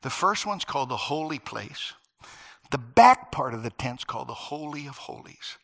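A middle-aged or older man preaching a sermon, telling stories in an animated way that swings from loud emphasis to near-whispers. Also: mid-range voice, normal speed, gravelly. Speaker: pastor.

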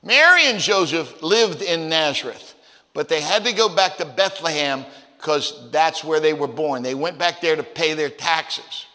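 A man preaching a sermon as pastor, telling stories in a folksy, conversational way, with stammered repeats, dropping low and then rising to loud, emphatic peaks. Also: expressive, measured pace, big-room sound. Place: church sanctuary.

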